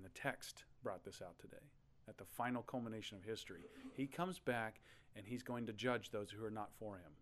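A male pastor from Oklahoma, animated as he tells a story in his sermon and laughing now and then. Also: on the low side.

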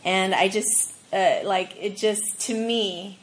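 A woman on a faith discussion panel, telling animated personal stories in a casual way. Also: mid-range voice, slow pace, rough recording. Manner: animated storyteller, acts out quoted voices.

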